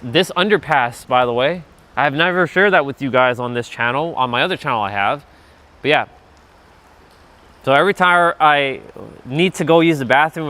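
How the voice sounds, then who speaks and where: Man rambling on a quiet winter trail. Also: mid-range voice. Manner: loose, profane, chatty, laughs often. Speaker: vlogger livestreaming a walk. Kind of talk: casual rambling storytelling.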